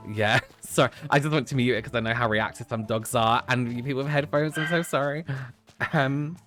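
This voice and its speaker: A man's voice: fairly low pitch, fairly bright tone. A man streaming a game, chatting casually and rambling as he plays, often breaking into laughter. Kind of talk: casual chat while playing a game.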